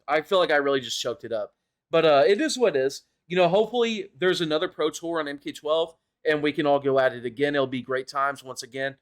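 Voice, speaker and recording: Going back over a tournament match he played, a young gaming YouTuber comments casually in a fairly high, slightly bright voice. He wanders from point to point, faults himself, swears and chuckles at what he got wrong.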